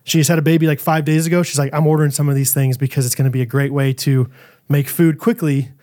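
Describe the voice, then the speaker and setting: A man's voice: on the high side, fairly even intonation, fast talker, mellow. A man co-hosting a podcast, chatting casually with enthusiasm and teasing his co-host. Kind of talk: casual chat.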